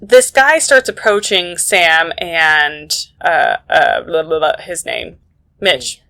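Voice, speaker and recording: Woman podcast co-host recapping a film, bright and lively, talks with lots of "like". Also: deep voice, takes it slowly. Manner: chatty, animated retelling with lots of "like". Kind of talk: casual movie recap chat.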